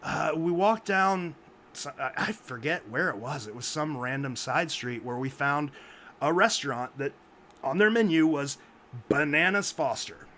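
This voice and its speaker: A man with a fairly high voice and a measured pace tells a funny anecdote on a group video call, where he co-hosts a memorial podcast. He's animated and acts out what the others said. There's a little hiss or hum in the audio.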